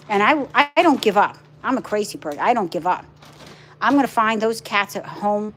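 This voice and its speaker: Speaking from indoors with her pets, a middle-aged vlogger who rescues animals chats casually on a live stream, rambling along and cooing at her dogs. Her voice sits at a medium pitch, with a faint hiss or hum underneath.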